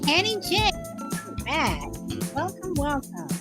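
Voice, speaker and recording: A woman's voice: very high-pitched, very animated, slow pace, loud music behind the voice. A woman hosting a casual live chat with viewers, greeting them by name, laughing often and restarting her sentences with many fillers. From Southern California. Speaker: livestream host.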